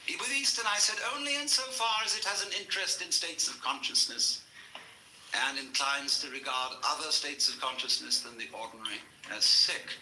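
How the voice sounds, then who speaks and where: A man giving an anecdotal lecture to an audience, with a wry, lively storytelling manner. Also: mid-range voice, moderate pace. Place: lecture hall before an audience. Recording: roomy lecture hall recording with faint hiss.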